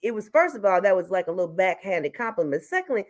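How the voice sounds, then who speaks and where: A woman's voice: mid-range voice, fast talker. A woman telling a story animatedly in casual talk-show chat, acting out what people said. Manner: animated storyteller, acts out quotes.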